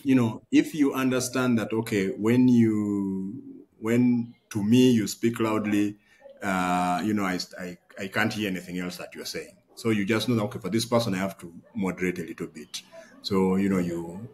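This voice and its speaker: A man's voice: on the low side, steady tone, normal speed, darkish tone. A man hosting a podcast, talking reflectively and thinking aloud with fillers. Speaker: podcast host. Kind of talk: casual conversation.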